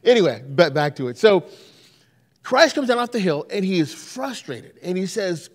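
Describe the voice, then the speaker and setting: A man's voice: sits high, moderate pace. A male pastor preaching a sermon in a church, telling stories and acting out the quotes. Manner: animated storytelling with acted-out quotes.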